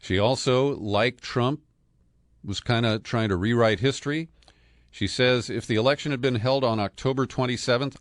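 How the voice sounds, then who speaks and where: A man's voice: fairly low pitch, no room sound, studio quality. A man hosting a political podcast, talking through the news in a sardonic, conversational way with frequent fillers and chuckles. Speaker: podcast host.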